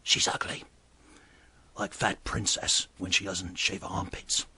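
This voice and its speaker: A man voicing a quiet, secretive male scientist who speaks in flat, hushed whispers. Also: low voice, measured pace, husky, exaggerated voice. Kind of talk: comedic character monologue.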